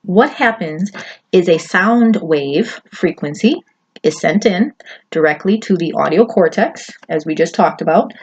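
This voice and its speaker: A woman's voice: fairly low pitch, a little mellow, slightly rough. A woman giving a casual lecture over slides, chatty and often checking in with her listeners. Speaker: presenter. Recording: dull lo-fi audio with faint noise.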